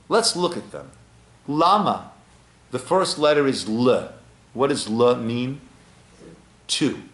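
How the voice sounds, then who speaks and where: A rabbi speaks at medium pitch in a synagogue, his voice carrying a roomy quality. He leads a spirited Torah class, citing Hebrew and posing questions, some rhetorical, to those listening.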